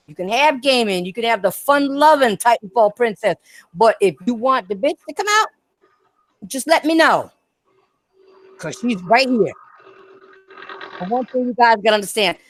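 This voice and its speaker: A woman's voice: medium pitch, no echo. Blunt, laughing woman streamer ranting to chat. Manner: blunt, animated, profane, laughs often. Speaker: gaming streamer. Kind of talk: live-stream rant to chat.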